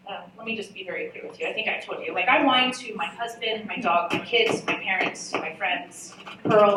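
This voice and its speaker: A woman speaking on a conference panel, telling frank, lively stories and poking fun at herself. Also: on the high side, a little hiss or hum. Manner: candid, lively storytelling with self-mocking asides. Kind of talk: live panel talk at a marketing summit. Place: large event hall. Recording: echoey hall, voice from far off.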